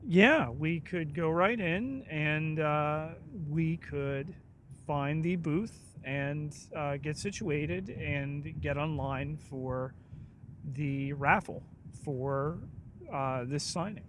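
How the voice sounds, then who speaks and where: A man with a fairly high voice co-hosting a casual podcast. He talks very slowly and hesitantly, with dry, sarcastic humor. Faint room ambience can be heard behind him. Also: a little hiss or hum. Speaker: podcast co-host. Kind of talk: casual chat.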